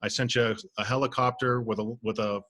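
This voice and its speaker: A man acting out God, patient but exasperated, in his own low voice. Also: fairly even intonation, a little fast, bright, forceful tone, dry recording, natural voice.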